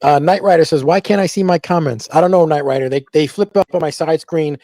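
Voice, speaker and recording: A man's voice: fairly high pitch, warm tone, no echo. A middle-aged man hosting a casual talk show, reading viewer comments aloud and agreeing readily. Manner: quick agreeable backchanneling. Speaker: host.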